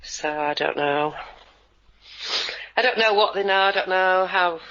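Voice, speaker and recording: A woman's voice: fairly low pitch, a little slow, fairly bright tone, highs cut off. A woman co-hosting a radio chat, speaking in a wry, offhand way over a remote line. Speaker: co-host.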